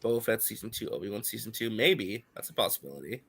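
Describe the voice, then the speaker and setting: A man's voice: fairly low pitch, fast, vocal fry, husky. Congested man joking on a live stream. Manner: joking, animated, swears casually. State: congested from a cold. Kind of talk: casual live reaction chat.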